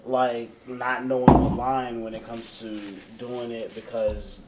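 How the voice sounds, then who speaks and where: A man co-hosting a casual podcast, speaking in a thoughtful, halting way. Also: mid-range voice, level tone, heavy background noise. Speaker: podcast co-host. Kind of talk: casual chat.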